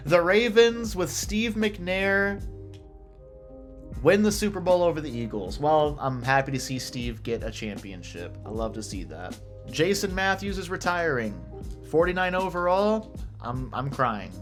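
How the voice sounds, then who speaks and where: A man casually commentating his own football video game session, reacting loudly to plays and talking to the players on screen. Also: on the high side, lively intonation, normal speed. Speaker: gamer playing a football video game franchise. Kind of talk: casual let's-play commentary. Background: game music.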